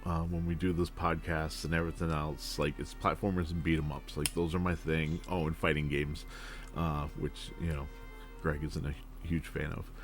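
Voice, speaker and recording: A man co-hosting a casual retro gaming podcast, emphatic and quick to laugh, repeating his points. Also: rumbling low, flat delivery, over music. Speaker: podcast co-host.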